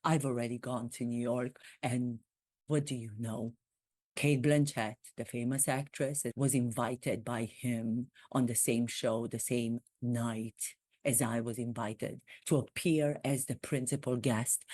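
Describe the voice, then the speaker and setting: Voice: mid-range voice, steady tone, a little slow, a little mellow, dry recording, clean studio sound, lightly acted. A performer doing a comic impression of a royal prince, speaking in a stiff, formal, self-deprecating way without a put-on accent. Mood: self-mocking.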